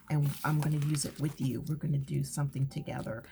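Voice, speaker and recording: A woman's voice: low voice, steady tone, fast talker, gravelly, background noise. A woman chatting casually while journaling, rambling and often dropping to a whisper. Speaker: craft channel host. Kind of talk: relaxed journaling chat.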